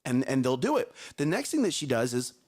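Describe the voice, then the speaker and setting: A man in his thirties co-hosts a morning talk show, sharing parenting stories in emphatic, animated fashion and frequently checking in with "okay?". His voice is medium-pitched and brisk.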